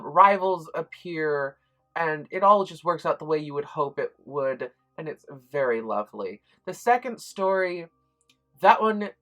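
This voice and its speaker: A woman with a somewhat low voice talks through a book review in a casual, chatty way. She sounds enthusiastic and often pauses on ums and restarts her sentences. Soft music plays faintly underneath.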